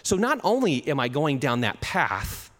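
A man preaching a sermon in a church hall, with an animated delivery. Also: on the high side, unhurried. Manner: animated, acts out little quoted exchanges, chuckles at his own jokes. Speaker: pastor. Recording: long hall reverb.

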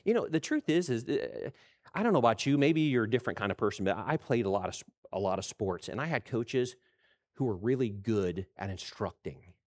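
A middle-aged man preaching a sermon, animated, acting out quoted voices and restarting his words. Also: medium pitch, brisk. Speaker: pastor.

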